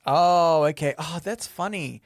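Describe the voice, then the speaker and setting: A man's voice: a little high, unhurried, no echo, clean studio sound. A young adult Australian man co-hosting a podcast in casual, joking chat, often laughing and trailing off mid-sentence. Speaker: podcast co-host.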